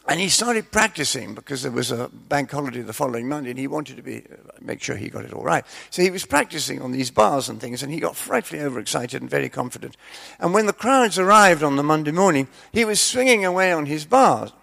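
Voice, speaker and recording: Gravelly man telling jokes. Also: fairly high pitch, very animated, a little fast, fairly bright tone. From Scotland. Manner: chatty, self-deprecating, tells jokes. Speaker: preacher. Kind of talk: sermon with humorous storytelling.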